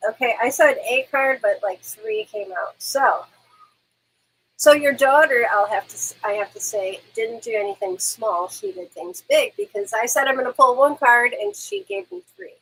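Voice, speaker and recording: A woman medium talks in a soft, soothing way, comforting listeners during a live stream. Her voice is a touch high and breathy. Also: expressive, moderate pace, low-quality recording. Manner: gentle, reassuring, soothing.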